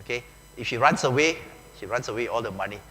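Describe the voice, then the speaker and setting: Bright-voiced Malaysian pastor, joking. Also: male voice, mid-range voice, quick pace. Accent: Malaysian English. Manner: chatty and joking, often says "okay", uses "lah" and "ah". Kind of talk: conversational sermon. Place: large church hall. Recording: echoey hall with faint hum.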